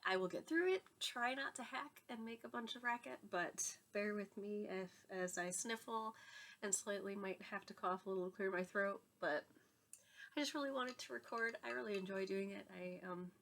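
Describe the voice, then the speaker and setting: A woman's voice: medium pitch, normal speed, a bit bright. A woman in her thirties with a cold, talking in a congested, nasal voice as she hosts her knitting podcast at home, chatty and laughing often. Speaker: knitting podcast host and yarn dyer. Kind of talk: casual chat to camera. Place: home room with yarn shelves behind.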